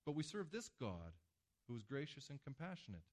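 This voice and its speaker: A man preaching a sermon to a congregation, with emphatic swings between loud passages and hushed ones. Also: fairly high pitch, big pitch swings, brisk. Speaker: pastor. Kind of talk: sermon with slides.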